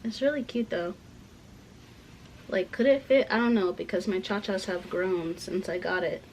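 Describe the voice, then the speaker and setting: A young woman rambling through a casual rant at home while packing, full of "like" fillers, dipping into soft asides. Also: mid-range voice, normal speed, slight background noise, poor audio. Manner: rambling, heavy use of "like" fillers; drops to soft asides about clothes. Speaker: vlogger.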